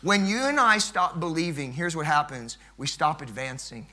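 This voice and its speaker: A middle-aged male pastor delivering a sermon with a high, ringing voice. His tone is bright and forceful. He swings between loud, emphatic build-ups and quiet, hushed stretches. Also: expressive, moderate pace.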